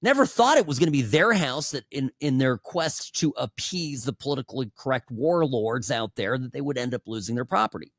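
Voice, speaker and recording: A man's voice: medium pitch, animated, brisk, hardly any pauses, a bit bright, no echo, clean studio sound. A man in his forties hosting a political talk show, giving opinionated commentary in a sarcastic, conversational way with many asides. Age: 40s.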